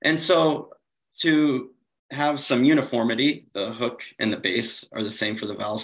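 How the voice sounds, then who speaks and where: A man's voice: mid-range voice, fairly even intonation, moderate pace, a bit bright, rough recording. A man giving a slide-based conference lecture, explaining steadily with occasional fillers and self-corrections. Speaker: conference presenter.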